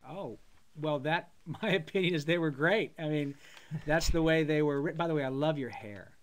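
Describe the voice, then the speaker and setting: Middle-aged male voice actor for a live fan Q&A: slightly high voice, eager and rambling, full of ums and restarts. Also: normal speed. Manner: enthusiastic, rambling, with many fillers and restarts. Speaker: voice actor guest. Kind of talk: casual live Q&A chat.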